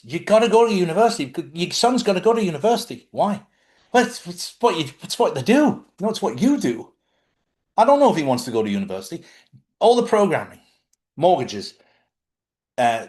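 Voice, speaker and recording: A man, talking casually about spiritual living and telling stories from his own life, often checking in with his listeners. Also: mid-range voice. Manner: conversational storytelling, asks listeners questions. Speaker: host.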